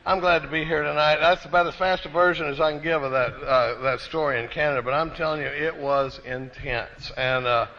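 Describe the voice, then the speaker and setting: A man's voice: on the high side, fairly even intonation, a little fast, few pauses. A middle-aged man from Texas giving a personal recovery talk at a conference, a folksy storyteller with self-deprecating jokes. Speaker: recovery meeting speaker. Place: conference hall. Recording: muffled live talk recording.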